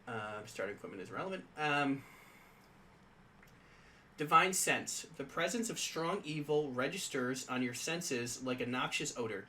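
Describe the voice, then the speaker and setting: A man's voice: medium pitch, lively intonation, measured pace, pushed and bright, slight background noise, poor audio. A man co-hosting a casual tabletop game podcast, reading rules aloud and chatting with many fillers. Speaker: podcast co-host.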